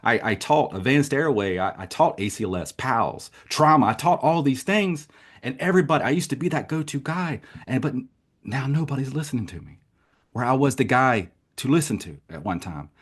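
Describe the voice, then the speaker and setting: A man who was a paramedic instructor, a guest telling his story in an impassioned way, swinging between soft and loud. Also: mid-range voice, expressive, moderate pace, slightly rough. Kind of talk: conversational interview.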